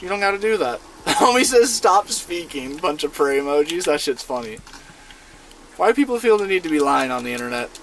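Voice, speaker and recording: A man's voice: on the high side, big pitch swings, a little fast, a little hiss or hum. A young man in his twenties, streaming a game and chatting with his viewers in a laid-back, slangy way from inside a van. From United States. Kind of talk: casual live-stream gaming chat.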